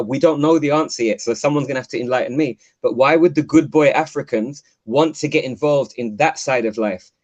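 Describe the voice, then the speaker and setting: A man's voice: mid-range voice, a little mellow. Chatty man on a muffled call. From London. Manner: chatty, rambling storyteller with many fillers and restarts. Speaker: caller. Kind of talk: casual chat. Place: home, call-in to live show. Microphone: video call.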